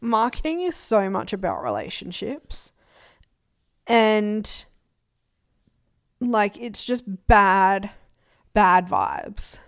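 A young woman co-hosting a podcast gossips casually and animatedly about influencer drama, quoting people in put-on voices. Her mid-range voice is very slow, with frequent pauses.

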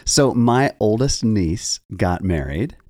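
A man, a church staff guest, telling a story in an animated, chatty way. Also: on the low side, slow, no echo, studio quality. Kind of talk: casual podcast chat.

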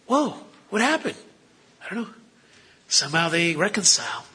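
Male preacher, chatty sermon full of rhetorical questions, husky and sharp-toned. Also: a little high, very animated, moderate pace.

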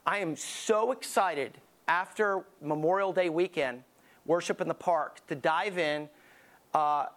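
A man's voice: on the high side, measured pace, a bit bright. A man preaching a sermon as lead pastor, emphatic and conversational, telling vivid stories to drive his point home.

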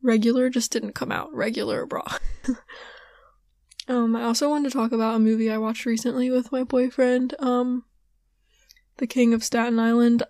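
A young woman hosting a podcast in casual chat, rambling with many fillers, her voice hoarse and giving out. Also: a little high, flat delivery, moderate pace, long pauses, mellow, dry recording. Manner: rambling, filler-heavy, ranting. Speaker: podcast host.

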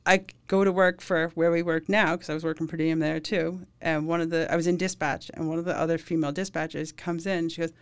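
A woman's voice: low-pitched, little pitch movement, quick pace, hardly any pauses, clear, resonant tone. A woman who works in emergency medicine, telling candid stories in a casual interview and laughing through grim details. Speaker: emergency medical worker, podcast guest.

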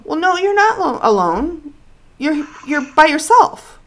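A woman's voice: high-pitched, sing-song, measured pace. A woman co-hosting a podcast, speaking candidly and personally about her own life in casual chat. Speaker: podcast co-host.

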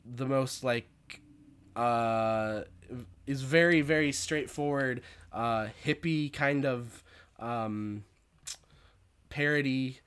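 A man's voice: medium pitch, slow pace, pauses often, a bit bright, clean tone. Rambling man recapping a movie. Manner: rambling, many fillers and restarts.

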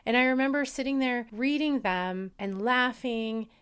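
A woman's voice: on the high side, fairly even intonation, measured pace, a bit bright, clean tone. A woman in her forties hosting a solo podcast, speaking in an earnest, personal way. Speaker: podcast host.

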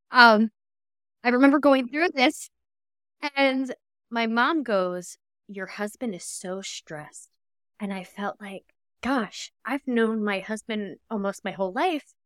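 A woman in her thirties talks as a podcast guest, her voice smooth and clear. She speaks haltingly and with emotion, filling pauses with "uh" and "um". The sound is dry and close, with no room around it. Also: mid-range voice, pushed and bright, dry recording. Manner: emotional, halting, with many fillers. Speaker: podcast guest, cancer survivor. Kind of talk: casual conversation.

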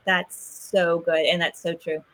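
A woman's voice: fairly low pitch, level tone, measured pace, fairly bright tone. A woman hosting an interview, affirming her guest with frequent short agreements. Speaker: host. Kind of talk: supportive interview chat.

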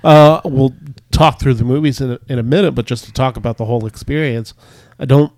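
A man's voice: medium pitch, fairly even intonation, fairly quick, a little mellow, no echo. Man, host, casual chat, tired, rambling with lots of uh, dry close sound. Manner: rambling, filler-heavy explanations. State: tired from staying up. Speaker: podcast host.

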